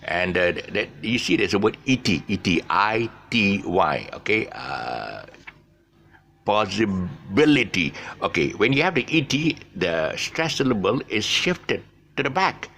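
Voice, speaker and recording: Rambling male teacher, gravelly, bright tone, lively pitch, faint noise behind. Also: a little slow. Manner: rambling, many fillers and restarts. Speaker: English teacher. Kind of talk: casual spoken English lesson.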